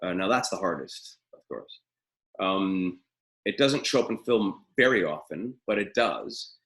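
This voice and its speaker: A middle-aged man with a deep, gravelly voice teaches acting in a live webinar, speaking over a webcam from a room at home. He's opinionated and rambling, full of ums and uhs, with a steady vocal fry running through his low voice. He speaks unhurriedly, and the recording quality is low.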